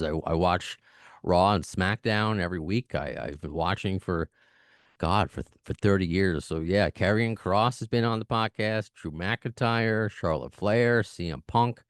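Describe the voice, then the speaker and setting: A man hosting a podcast, talking fast and chatty, laughing now and then, his voice still mending after an illness. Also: deep voice, no room sound, clean studio sound. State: recovering from lost voice. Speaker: podcast host. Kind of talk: casual podcast chat.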